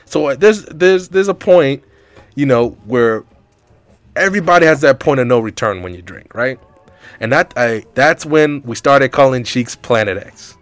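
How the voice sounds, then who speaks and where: A young man telling a comedic story in a rambling, animated way, full of filler words. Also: medium pitch, normal speed, no room sound, soft background music.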